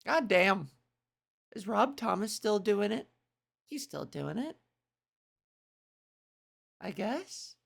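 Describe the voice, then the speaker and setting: A woman's voice: mid-range voice, very animated, slow pace, vocal fry, pauses often. A woman in a casual reaction commentary, chatty and self-mocking, swearing now and then while she reads aloud and reacts. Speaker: video creator.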